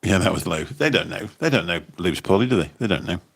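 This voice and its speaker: A man's voice: low voice, animated, fast talker, vocal fry. A man hosting a casual livestream, chatting in a rambling way and often repeating his words as he talks into a phone. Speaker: livestream host and taxi driver. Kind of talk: casual livestream chat reading comments.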